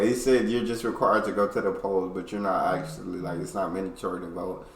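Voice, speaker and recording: A low-pitched man gives casual, emphatic reaction commentary. He swings between loud points and quiet asides. His voice echoes around a bare room. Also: steady tone, a little fast, few pauses. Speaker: reaction video host.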